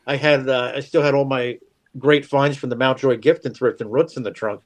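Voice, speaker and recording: A man's voice: medium pitch, steady tone, normal speed. A man, a show regular, telling a long self-deprecating story in casual chat, rambling and chuckling. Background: faint music.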